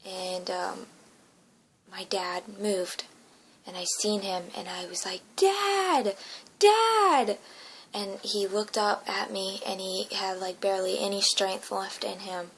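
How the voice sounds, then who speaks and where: Gravelly, bright-voiced woman telling a dream. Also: mid-range voice, level tone, measured pace, poor audio. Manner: emotional, slips into whispers. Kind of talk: earnest personal testimony.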